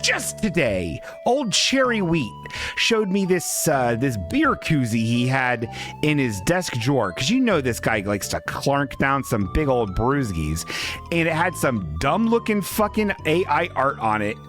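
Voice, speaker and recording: A man co-hosting a comedy podcast, ranting profanely and spinning absurd deadpan stories. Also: mid-range voice, unhurried, faint music behind. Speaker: podcast co-host.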